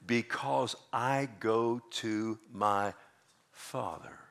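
A male pastor preaching a sermon, swinging between loud emphatic bursts and quiet asides, drawing answers from the congregation. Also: medium pitch, takes it slowly. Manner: preaching with rising emphatic bursts and call-and-response.

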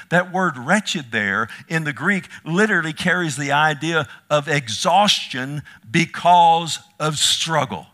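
Bright-voiced impassioned male preacher. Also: lively intonation, slow, hardly any pauses. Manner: impassioned, swings from loud rising cries to low hushed pleading; addresses listeners as "loved one". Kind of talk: sermon.

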